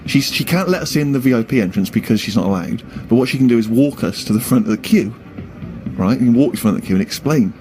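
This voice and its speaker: A man with an animated delivery, telling a comic story on a podcast and acting out the quotes. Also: mid-range voice, fast talker, faint music behind. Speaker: co-host. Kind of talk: anecdote in a comedy podcast. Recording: background noise.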